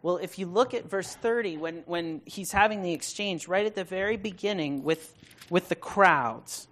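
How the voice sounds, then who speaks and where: A preacher talking through a sermon in a relaxed, chatty way, full of rhetorical questions and everyday slang. The voice sits at a middling pitch and swells into loud, emphatic stretches to drive a point home. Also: moderate pace. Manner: builds to loud emphatic bursts. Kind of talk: casual conversational sermon.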